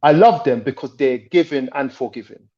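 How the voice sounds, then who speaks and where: A man's voice: mid-range voice, normal speed, mellow. A middle-aged man speaking with enthusiasm on a podcast panel, often repeating his points. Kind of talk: casual panel chat. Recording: dull lo-fi podcast audio.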